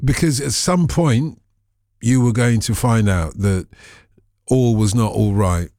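A man's voice: medium pitch, takes it slowly, a little mellow, no echo, studio quality. A man hosting a radio phone-in, talking sympathetically to a caller in long, rambling questions.

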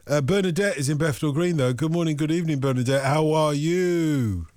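Deadpan late-night radio host, man. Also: a little high, fast talker, no echo. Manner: dry, deadpan joking. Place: radio studio. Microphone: studio microphone.

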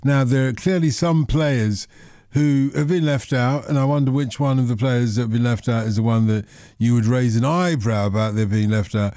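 A man's voice: mid-range voice, moderate pace, dark tone, no echo. A man hosting a sports radio phone-in from a studio, chatty and playful with jokey asides. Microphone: studio microphone.

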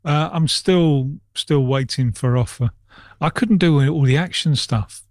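Male radio football pundit, higher pitch, wry understated delivery, dry sound. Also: a little slow, dry recording. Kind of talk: casual radio chat.

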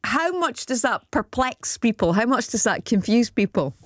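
Woman phone-in presenter, brisk and upbeat, dry studio mic. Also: fairly high pitch, lively intonation, no echo. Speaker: radio phone-in host. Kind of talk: live radio presenting.

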